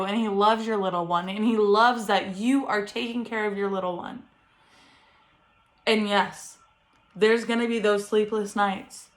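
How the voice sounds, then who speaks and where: A young woman, a first-time mother, talking earnestly and encouragingly to camera at home, often laughing. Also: medium pitch. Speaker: vlogger, first-time mom. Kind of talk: heartfelt vlog talk to camera. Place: home bedroom with ring light.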